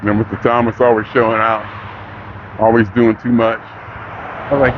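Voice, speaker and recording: An older man, rambling in a casual monologue that builds into excitement. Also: on the low side, normal speed, narrow, tinny audio, background noise. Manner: rambling, talks himself into excitement. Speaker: vlogger.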